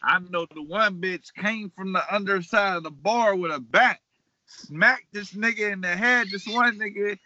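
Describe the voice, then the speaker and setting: A man from Pittsburgh, a hip-hop artist guest, telling animated, profane stories in a casual podcast chat and laughing often. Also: high voice, normal speed, dry recording. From Pittsburgh, Pennsylvania. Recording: dull, dry lo-fi recording.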